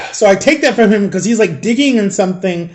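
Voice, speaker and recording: A man's voice: sits high, lively intonation, fairly quick. A man in his thirties telling a long story in a casual, rambling way, full of "like" and acted-out quotes. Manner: rambling, heavy use of "like", acts out quoted people. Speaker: vlogger. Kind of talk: casual storytelling while eating.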